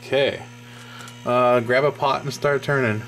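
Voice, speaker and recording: A man chats his way through an arcade board repair in a cluttered home garage, voice at an ordinary middle pitch. He rambles and corrects himself mid-sentence, with a faint mains hum underneath. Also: steady tone, measured pace, fairly bright tone. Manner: rambling, self-interrupting, chuckling asides. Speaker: arcade repair video host. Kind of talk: casual hands-on repair vlog.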